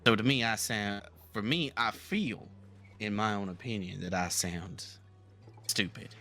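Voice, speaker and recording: A man playing a talkative southern gentleman from the bayou, with a Southern twang, rambling earnestly through a live game roleplay. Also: on the low side, unhurried. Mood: reminiscing.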